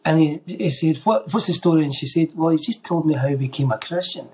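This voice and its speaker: A man, a podcast guest, telling a faith story in an animated way and acting out the voices of the people in it. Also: on the high side, a little fast. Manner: animated storyteller who acts out quoted voices. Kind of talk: telling a faith testimony in conversation.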